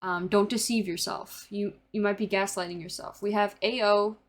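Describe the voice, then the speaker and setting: A woman's voice: mid-range voice, fairly even intonation, normal speed. A woman in her early twenties giving a casual tarot reading, rambling with lots of fillers and the odd swear. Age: early 20s. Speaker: tarot reader.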